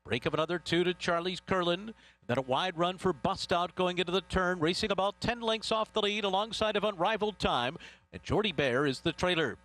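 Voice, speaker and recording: High-voiced man calling a horse race. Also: a bit bright. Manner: rapid rhythmic race calling, rising at the finish. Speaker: race caller.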